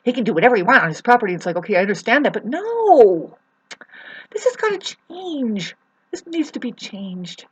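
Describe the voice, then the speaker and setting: A woman in an angry rant to camera about her neighbours, swearing, her voice swinging from shouting to low and sad. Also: slightly rough. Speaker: vlogger. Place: home in the mountains.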